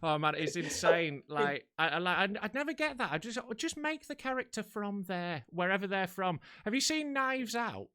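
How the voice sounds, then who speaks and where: A man's voice: high voice, big pitch swings, moderate pace, hardly any pauses, pushed and bright, clean tone. A man hosting a comedy show from home over a video call, bantering, swearing freely and laughing often.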